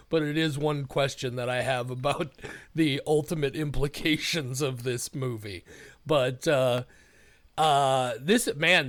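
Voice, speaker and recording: Podcast host, male, slightly high voice, rambling and profane, dry close mic. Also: dry recording. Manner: emotional, profane, rambling with restarts. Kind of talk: casual podcast chat.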